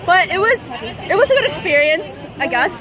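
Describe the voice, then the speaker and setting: Young woman, hoarse, high voice, rambling vlog chat, echoey room, music behind. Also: big pitch swings, a little fast, recorded from a distance, a crowd in the background. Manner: rambling, giggly, lots of fillers. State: hoarse from screaming. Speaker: vlogger. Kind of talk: casual fan vlog storytelling.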